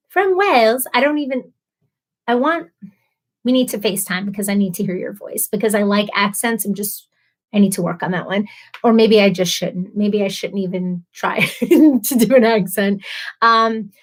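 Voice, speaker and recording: A woman's voice: medium pitch, normal speed. A woman hosting a casual live stream, reading viewer comments aloud, chatty and emotional, laughing often and stumbling over names.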